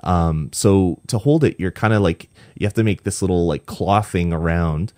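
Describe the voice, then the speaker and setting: A man's voice: sits low, moderate pace, dark tone, no echo, studio quality. A young man chatting casually on a podcast, rambling with lots of ums and restarts, tired late at night. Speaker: podcast co-host reviewing a game.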